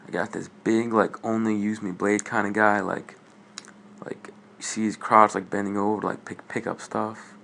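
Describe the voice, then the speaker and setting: A teenage guy rambling through a story for his gaming channel, leaning on filler words and voicing the other people in it. His voice sits low and gravelly, with a faint hiss of noise behind it. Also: little pitch movement, normal speed, a bit bright. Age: teens. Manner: rambling, filler-heavy, acts out dialogue. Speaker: gaming YouTuber. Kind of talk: casual storytelling vlog.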